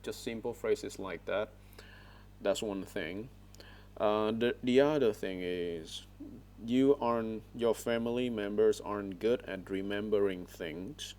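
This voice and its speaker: A man's voice: lowish voice, slow, darkish tone. Man teaching English online. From Vietnam. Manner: corrective, repeats words and frequent "all right?" checks. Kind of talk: online speaking lesson. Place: online video class. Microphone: headset.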